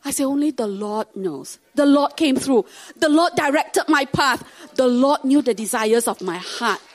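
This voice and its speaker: A woman's voice: high-pitched, normal speed. A woman from Singapore with a Singaporean English accent, a pastor's wife telling her testimony to a congregation and acting out the people she quotes.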